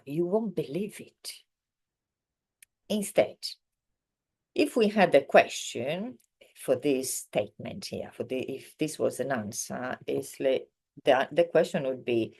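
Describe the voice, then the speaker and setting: A woman's voice: very deep voice, expressive, slow, gravelly, darkish tone, husky. A woman teaching a grammar lesson in English, hesitant and full of fillers and self-corrections. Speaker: Italian teacher. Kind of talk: slow explanatory grammar lesson.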